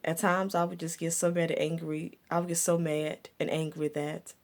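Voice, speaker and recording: A woman's voice: deep voice, level tone, moderate pace, a little mellow. A woman vlogger telling a personal story from her past in a reflective, repetitive way, with stumbling restarts. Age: adult looking back on her younger years.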